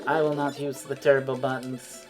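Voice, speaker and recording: A woman's voice: very deep voice, level tone, moderate pace, over music. A woman streaming a video game, rambling and swearing freely as she chats. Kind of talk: casual chat while playing a video game.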